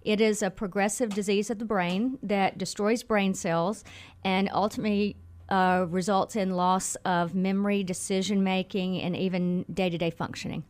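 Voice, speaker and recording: A woman with a Mississippi accent, a nonprofit executive explaining things clearly as a radio guest. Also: medium pitch, steady tone, moderate pace, a little mellow. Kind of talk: radio interview.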